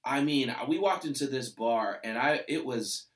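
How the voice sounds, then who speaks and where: A man's voice: medium pitch, moderate pace. Comedian guy rambling through a story, swears a lot, sounds far from the mic in an echoey room. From Los Angeles. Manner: rambling, profane, many fillers and restarts. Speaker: comedian guest. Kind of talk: casual storytelling chat.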